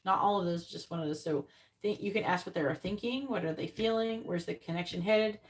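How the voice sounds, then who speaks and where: A woman's voice: on the low side, brisk, slight background noise, rough recording. Blunt, casual woman reading tarot. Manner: casual and blunt, swears, repeats questions to the cards. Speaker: tarot reader. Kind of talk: live-stream tarot reading.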